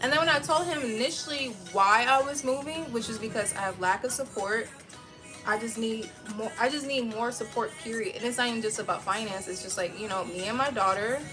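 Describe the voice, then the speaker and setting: A young adult woman telling a heated personal story in casual livestream chat, profane and animated, acting out what people said. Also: on the high side, a little fast, over music. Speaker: livestream host.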